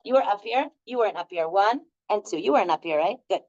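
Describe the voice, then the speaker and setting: A woman's voice: mid-range voice, lively intonation, quick pace, a little mellow. A middle-aged woman leading a live group workshop, telling stories in a chatty way with many fillers. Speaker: workshop leader. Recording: dull lo-fi recording.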